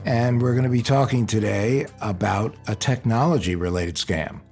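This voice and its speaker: A man hosting a podcast, joking and chatting with a guest in a lively way. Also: fairly low pitch, soft background music. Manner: lively and jokey, quick asides. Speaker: podcast host. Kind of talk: casual podcast chat.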